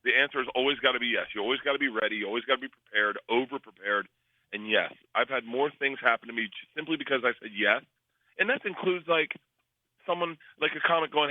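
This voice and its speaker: A comedian guest telling quick, animated stories and acting out the people in them, laughing as he goes. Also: medium pitch, dry recording. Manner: fast storyteller, acts out voices, laughs often. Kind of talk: animated storytelling. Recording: tinny phone line.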